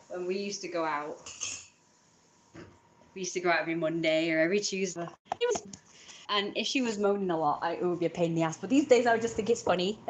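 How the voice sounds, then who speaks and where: A woman's voice: fairly low pitch, noisy background. A young woman vlogging at home in a rambling, casual way, swearing freely and laughing often. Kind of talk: casual chat to camera.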